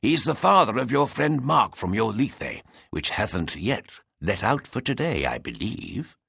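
A man's voice: lowish voice, sing-song, measured pace, creaky, fairly bright tone, slightly rough, no room sound, clean studio sound, exaggerated voice. A man voicing an old male art shopkeeper who lisps and coaxes eagerly. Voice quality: lisping.

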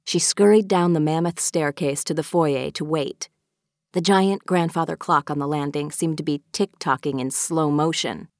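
A woman narrates a children's audiobook in a clear, measured way. Her voice is on the lower side for a woman. The recording is dry and close, with no room sound. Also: fairly even intonation, a little mellow, dry recording. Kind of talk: scripted narration.

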